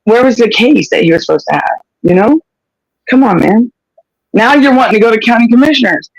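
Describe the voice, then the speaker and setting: A man's voice: very high voice, animated, a little fast, gravelly, no room sound, dull audio. A man hosting a livestream, talking in a passionate, blunt rant and cussing freely. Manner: impassioned, blunt, cusses freely. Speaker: livestream host.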